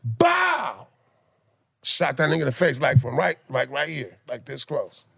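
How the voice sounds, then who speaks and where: A man telling street stories in casual chat, with profane slang, animated delivery and stammering restarts. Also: mid-range voice, brisk, gravelly, slightly rough. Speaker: guest telling life stories.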